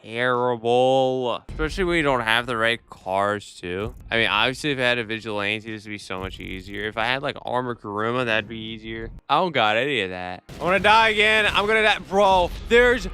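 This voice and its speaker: A man giving casual commentary over his own gameplay, excitable, quick to complain and prone to loud outbursts. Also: mid-range voice, smooth. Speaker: gaming YouTuber.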